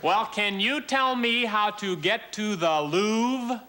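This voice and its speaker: A male comedian doing a slow, high falsetto voice for a polite American woman tourist, recorded on a TV stage with an audience. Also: bright, forceful tone, heavily acted. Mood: prim. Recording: TV studio with audience laughter and noise.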